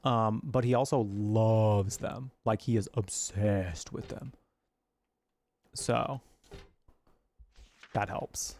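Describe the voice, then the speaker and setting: A man's voice: fairly low pitch, steady tone, slow pace, darkish tone. A man from Arizona chatting casually while he plays a game, rambling and cooing at his cat now and then. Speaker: gaming streamer.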